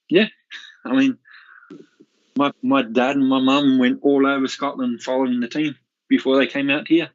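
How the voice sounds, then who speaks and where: A man calling in to a radio phone-in, reminiscing in a rambling way with many restarts over dull lo-fi audio. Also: medium pitch. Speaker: caller. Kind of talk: casual chat.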